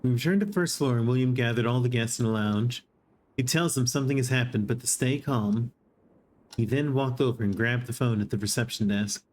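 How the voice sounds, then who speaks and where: A streamer reading a text adventure aloud in an even voice, with amused asides now and then. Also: medium pitch, a little fast, a little hiss or hum. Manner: reads narration evenly and breaks in with surprised laughing asides.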